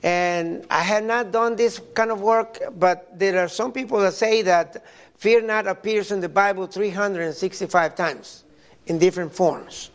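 An older Mexican preacher delivers a sermon built on personal stories, halting often and repeating words. For a man his voice is high, with a gravelly edge, and he keeps an unhurried pace and fairly even intonation.

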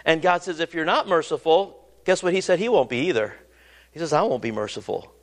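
A male preacher with a high, lively voice that swoops up and down as he delivers a sermon. He leans into points with sudden drops and rises, and slows to a measured cadence whenever he reads scripture aloud. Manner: animated, rising and falling, quoting scripture in slow stately tones. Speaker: pastor.

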